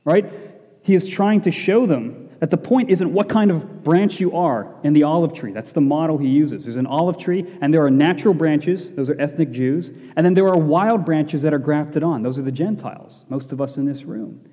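A man's voice: fairly high pitch, normal speed, dark tone. A man preaching a Bible sermon to a congregation, emphatic, repeating key phrases and asking rhetorical questions. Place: church hall with congregation. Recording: long echoey hall reverb.

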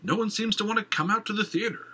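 Cast a fussy middle-aged theater owner, high and theatrical, husky and sharp, voiced by a man. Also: fast talker, full character voice.

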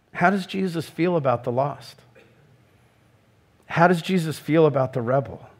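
A middle-aged man preaching a sermon in an earnest way, rising into emphatic questions. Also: fairly high pitch. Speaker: pastor.

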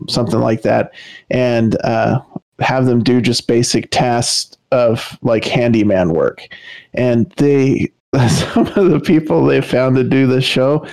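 A man's voice: mid-range voice, a little mellow. A man co-hosting a podcast, telling stories in casual chat with amused laughter. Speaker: podcast co-host.

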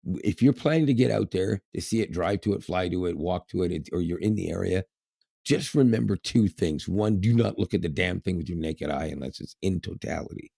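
A man's voice: low voice, brisk, vocal fry, dark tone, no echo, clean studio sound. A man co-hosting a podcast in casual chat, rambling with lots of fillers and frequent laughs. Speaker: podcast co-host.

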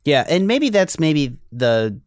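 With a fairly high, sing-song voice and an unhurried pace, an American man co-hosts a film review podcast in a recording with no room sound. He rambles casually, restarting many times.

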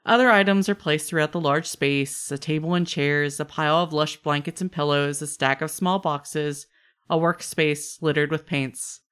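A woman's voice: deep voice, steady tone, normal speed, fairly bright tone, clear, resonant tone. A woman narrating a tabletop role-playing game as game master. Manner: descriptive, laughs easily.

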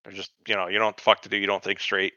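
A man's voice: on the low side, rapid-fire, dry recording, muffled recording. A man co-hosting a podcast, bluntly retelling and mocking scenes from a TV show with lots of swearing. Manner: blunt, profane, animated retelling. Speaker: podcast co-host. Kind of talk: profane casual chat about a TV show.

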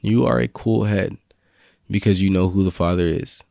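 Young guy preaching casual, slangy and fired up, lowish voice, dry close sound. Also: moderate pace, creaky, mellow, no echo. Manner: laid-back slangy preaching, rising to fervent confessions. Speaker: faith vlog host. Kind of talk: casual motivational faith talk.

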